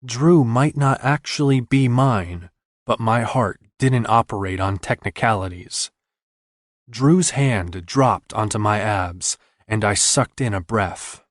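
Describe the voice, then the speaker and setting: A man's voice: lowish voice, slow, dry recording, studio quality. A man reading a romance novel aloud in first person, intimate and earnest. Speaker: audiobook narrator.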